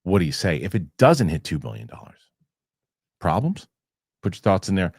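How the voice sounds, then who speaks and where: Host, male, low voice that swings a lot, rambling with restarts, dry close sound. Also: huge pitch swings, moderate pace, gravelly, slightly rough, dry recording. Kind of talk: casual chat.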